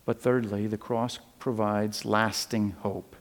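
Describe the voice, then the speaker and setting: An older man preaching a sermon, animated in his stories and dropping low and quiet for serious points. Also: slow pace, in a large hall. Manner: animated storytelling, swings from loud and high to low and quiet. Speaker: pastor.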